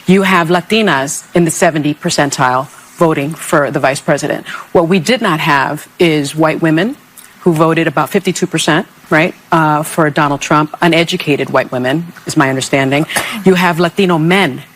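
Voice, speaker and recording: A woman co-host on a panel talk show, arguing her point in a measured way and citing figures. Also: deep voice, low-quality recording. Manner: measured, argumentative, cites figures.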